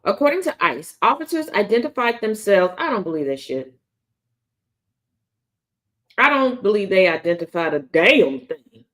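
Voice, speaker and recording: A woman's voice: mid-range voice, very animated, moderate pace, pauses often, a bit bright. A woman hosting a daily news commentary show, talking bluntly and sarcastically with plenty of profanity. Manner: taunting, confrontational. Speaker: host.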